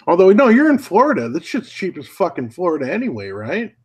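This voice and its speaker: A man's voice: sits high, wildly swooping pitch, a little fast, a little mellow, breathy edge, poor audio. A man chatting casually on a podcast, laid-back and teasing, with plenty of swearing. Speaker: podcast co-host. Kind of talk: casual crude chat.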